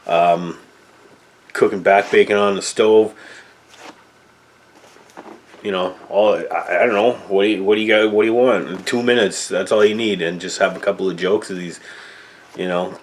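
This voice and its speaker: A man in his fifties from Canada with a Canadian accent, rambling loosely through a casual movie talk, full of fillers and tag questions. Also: fairly low pitch. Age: 50s. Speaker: movie reviewer.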